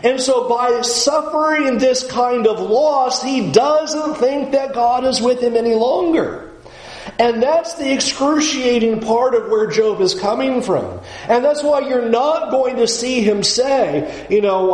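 High-pitched guy preaching through a bible chapter, earnest, roomy echo. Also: expressive, a little slow. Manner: earnest, drops low and soft when quoting scripture. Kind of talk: expository Bible teaching.

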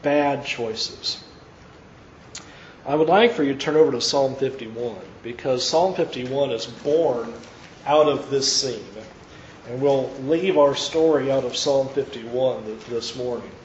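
A male pastor preaching an earnest, emphatic sermon, pausing mid-phrase and restarting. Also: mid-range voice. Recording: echoey, dull church recording with faint hiss.

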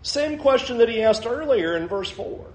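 A man's voice: extremely high pitch, animated, normal speed, echoey room. A male pastor preaching a sermon in a conversational way, often chuckling as he makes his points.

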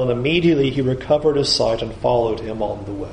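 A man's voice: medium pitch, quick pace, reverberant, slight background noise, poor audio. A male pastor preaching a sermon with emphasis, urging listeners to picture the scene.

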